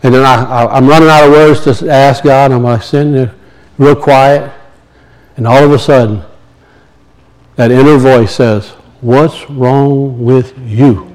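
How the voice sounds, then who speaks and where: A man's voice: mid-range voice, fairly even intonation, normal speed, long pauses, darkish tone, low-quality recording. A man, preaching a sermon in a folksy storytelling way and acting out the voices in his stories. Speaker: pastor.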